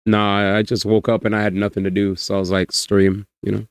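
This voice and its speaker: A man's voice: lowish voice, flat delivery, fast talker, clear, resonant tone, no echo. A man streaming a visual novel, reading its lines aloud and joking in laid-back chat.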